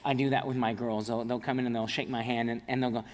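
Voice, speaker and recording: A man preaching a sermon as a pastor, earnest, telling family stories and dropping to quiet emphasis on key points. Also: on the high side, steady tone, brisk, big-room sound, slight background noise.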